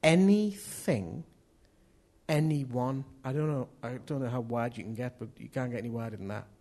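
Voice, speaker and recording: A man's voice: mid-range voice, steady tone, a little fast, warm tone. A man preaching a sermon in an earnest manner, often repeating key phrases.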